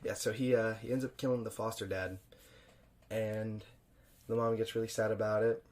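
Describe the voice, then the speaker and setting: A man's voice: lowish voice, level tone, moderate pace. Young man, loose, profane podcast chatter. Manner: loose and profane, chuckling, swinging up loud for emphasis. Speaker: podcast host. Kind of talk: casual solo film review.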